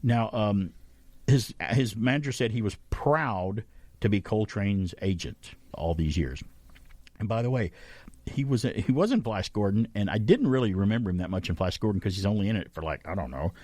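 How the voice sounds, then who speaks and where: A male radio host with a fairly low voice that rises and falls a great deal as he talks. He rambles in an easygoing way, often stopping to correct himself. The studio sound is close and dry. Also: lively intonation, moderate pace, darkish tone, no echo. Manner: rambling, chatty, self-correcting. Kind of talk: casual chat radio talk. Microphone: studio microphone.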